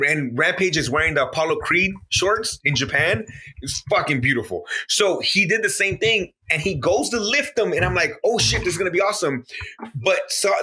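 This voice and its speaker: An excitable man in loose podcast banter, swearing freely and jumping into voices to replay movie moments. His voice sits high and swings widely, with a very bright, forceful edge. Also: slightly rough. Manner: excitable, swears a lot, acts out scenes in voices. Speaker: podcast co-host. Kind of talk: casual chat.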